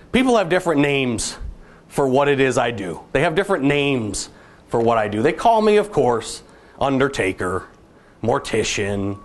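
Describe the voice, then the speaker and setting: Middle-aged male keynote speaker, animated and comic, swings his pitch widely. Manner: animated, comic storytelling with punchlines. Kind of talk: motivational keynote speech.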